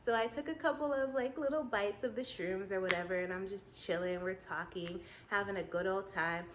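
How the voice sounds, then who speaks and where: A woman vlogger chatting with her viewers, telling her dreams in an animated way and laughing easily. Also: mid-range voice, brisk, noisy background. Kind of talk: casual storytelling to viewers.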